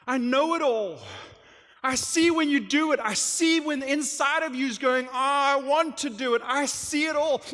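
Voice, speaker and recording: A man's voice: extremely high pitch, sharp tone, voice pushed up. A male pastor voicing God within a sermon, speaking in an earnest and reassuring way, repeating his words. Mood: insistent. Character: God, tender and all-knowing, speaking lovingly. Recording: long church hall reverb.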